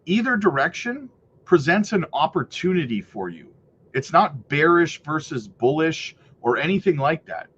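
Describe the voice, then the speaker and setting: A man hosting a casual livestream, reading viewer comments aloud in an upbeat, hyped way, full of "you know" and "right". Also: a little high. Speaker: crypto livestream host. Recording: slightly muffled with faint noise.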